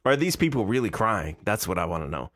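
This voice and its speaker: Low-voiced man in his forties. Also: big pitch swings, fast talker, a bit bright, dry recording, clean studio sound. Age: 40s. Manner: incredulous, mocking. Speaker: streamer. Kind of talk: casual live-stream commentary.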